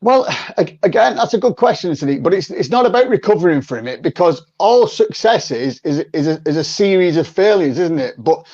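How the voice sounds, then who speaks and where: A man talks as a guest on a podcast, chatty and quick to act out sample phone calls, stumbling over repeated words as he restarts. His voice sits a little high. The sound is dry and lo-fi, like a video call. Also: lively intonation, darkish tone, no room sound. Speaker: podcast guest, sales coach. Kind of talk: conversational interview.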